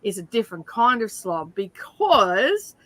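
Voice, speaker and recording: A middle-aged Australian woman hosting a reading stream, telling animated stories in casual chat and often breaking into laughter. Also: mid-range voice, unhurried, no room sound.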